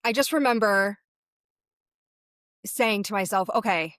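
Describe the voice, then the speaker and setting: A woman at a middle pitch, talking as a medium who is a guest in an interview. She tells her story vividly, speeding up and slowing down with it, in a dry, close sound. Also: a bit bright, no room sound. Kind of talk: recounting a personal experience in an interview.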